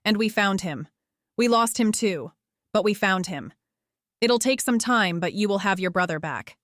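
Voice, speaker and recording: A woman's voice: medium pitch, expressive, normal speed, fairly bright tone, no echo, studio quality, close to an everyday voice. A woman voicing a wounded teenage boy who jokes and reassures in a wry, teasing way. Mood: reassuring.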